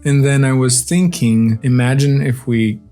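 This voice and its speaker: A man at a mid pitch talks loosely to his viewers, eating and chatting as he goes. His talk rambles with fillers and restarts, and soft guitar music plays faintly behind him. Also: fairly even intonation, a little slow. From grew up outside the USA. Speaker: vlog host. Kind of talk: casual chat while eating on camera.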